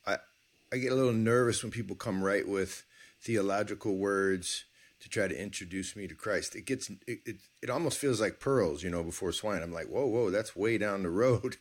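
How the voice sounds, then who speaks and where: A man hosting a podcast interview, asking animated, enthusiastic questions. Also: lowish voice. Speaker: podcast host.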